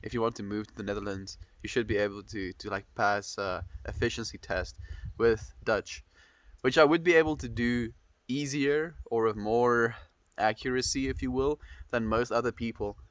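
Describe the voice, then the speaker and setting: A man's voice: medium pitch, steady tone, moderate pace, dry recording. A young man with a stuffy nose chatting casually on a livestream, rambling and reflective as he greets viewers.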